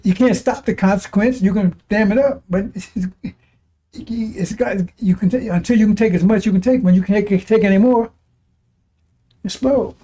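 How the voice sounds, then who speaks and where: A man's voice: high-pitched, dark tone, breathy edge. A man preaching a fiery religious broadcast sermon, scornful and mocking, often laughing and repeating his phrases.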